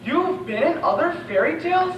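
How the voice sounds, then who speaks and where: A man's voice: very high voice, expressive, normal speed, dull audio, background noise, voice pushed up. A young man playing a timid young man who becomes king, earnest and nervous, recorded far off in an echoey room. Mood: worried.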